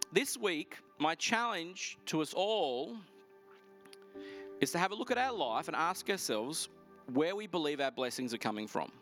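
Pastor, lively sermon storyteller. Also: male voice, fairly high pitch, soft background music. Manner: lively, animated storytelling with quick asides.

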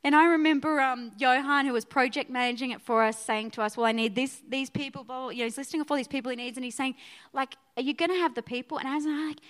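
Woman pastor giving a sermon, high voice, chatty energetic preaching. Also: quick pace. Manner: energetic, conversational preaching with frequent "right?". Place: church auditorium.

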